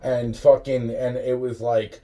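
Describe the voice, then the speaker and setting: A man's voice: medium pitch, level tone, measured pace, mellow. A young man rambling to camera in a profane, laughing monologue full of restarts. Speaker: vlogger.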